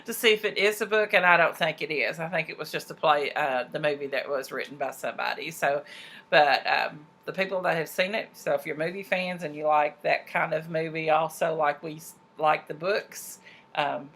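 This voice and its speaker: A woman's voice: low voice, fairly even intonation, normal speed, a bit bright. A woman co-hosting a knitting and books podcast, chatting casually and giving frequent short agreements. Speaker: podcast co-host. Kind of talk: casual book chat.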